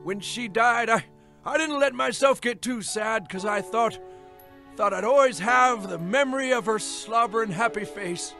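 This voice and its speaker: A man voicing a forgetful elderly grandfather in a cartoon, who talks slowly and haltingly and trails off. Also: high-pitched, gravelly, full character voice. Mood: wistful. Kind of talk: cartoon voice acting.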